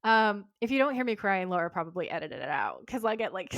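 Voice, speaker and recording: A woman co-hosting a podcast, chatting warmly and enthusiastically and reading a post aloud. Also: mid-range voice, big pitch swings, normal speed, no room sound, studio quality. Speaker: podcast co-host. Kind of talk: casual chat and reading aloud.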